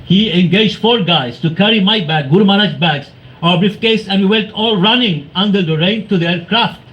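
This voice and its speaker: A man speaking to a devotional gathering, telling anecdotes in an animated way, acting out quoted voices and laughing often. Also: high voice, moderate pace, highs cut off. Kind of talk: storytelling talk to a congregation.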